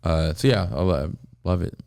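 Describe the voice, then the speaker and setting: A man's voice: low voice, moderate pace, a little mellow, no echo, studio quality. A man from the US, a guest comedian, telling stories in a casual podcast chat with a laid-back, rambling manner and lots of filler words. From United States.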